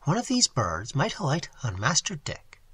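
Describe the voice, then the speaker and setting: A spirited, teasing young woman from a storybook, quick to mock, as a male reader voices her. The voice is breathy and bright, with a lively pitch, recorded close and dry. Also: full character voice.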